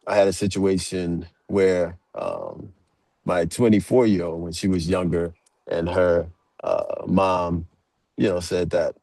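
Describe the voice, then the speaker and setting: Man in his forties, podcast guest, low mellow voice, dry close sound, relaxed and rambling. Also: slow pace, vocal fry, no room sound. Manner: relaxed, many fillers. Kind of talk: casual storytelling.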